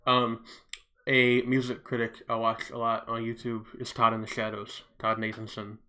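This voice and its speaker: A man's voice: medium pitch, monotone, moderate pace, pushed and bright. A young man co-hosting a podcast, talking frankly and wryly as a self-aware critic in casual chat. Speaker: podcast co-host.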